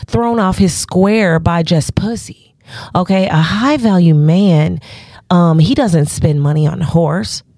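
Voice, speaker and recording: Profane, animated woman podcaster. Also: on the low side, dry recording, studio quality. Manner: profane, animated storytelling with put-on voices. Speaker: podcast co-host. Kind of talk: casual podcast chat.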